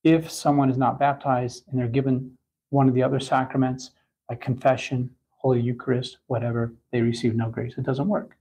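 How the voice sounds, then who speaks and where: Gravelly-voiced man teaching catechism. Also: medium pitch, level tone, warm tone, rough recording. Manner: halting, many restarts and fillers. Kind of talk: spoken catechism lesson.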